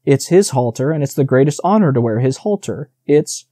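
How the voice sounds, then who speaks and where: A man's voice: medium pitch, animated, a little fast, warm tone, no room sound, natural voice. A man reading as a boastful young male deer. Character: proud young male deer back from captivity.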